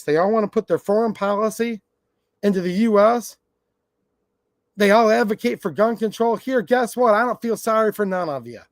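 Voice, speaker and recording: Guy going off on a blunt rant, kinda high voice, dry close sound. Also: dry recording. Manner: blunt, combative, sarcastic. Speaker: gun channel host. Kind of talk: ranting livestream monologue.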